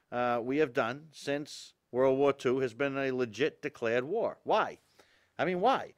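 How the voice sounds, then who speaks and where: A middle-aged man hosting a talk show, delivering an emphatic political monologue full of rhetorical questions and asides to the audience. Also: mid-range voice.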